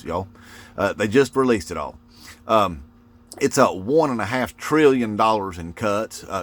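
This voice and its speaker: A man ranting to camera in a folksy, mocking way, with lots of "uh" fillers. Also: lowish voice. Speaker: political video commentator. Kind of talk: casual rant to camera.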